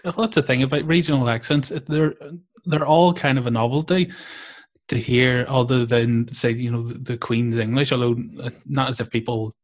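A man's voice: medium pitch, fairly even intonation, moderate pace. A man in casual conversation who talks in a rambling, reflective way, hedging and restarting his sentences often. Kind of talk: casual chat.

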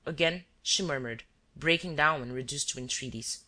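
An audiobook reader narrating a novel in an even, unhurried way. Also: medium pitch.

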